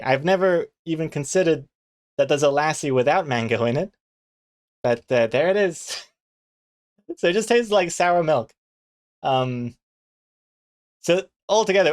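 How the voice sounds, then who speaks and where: A man, chatting casually on a live stream and telling rambling anecdotes with chuckles and fillers. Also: fairly high pitch. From New Zealand.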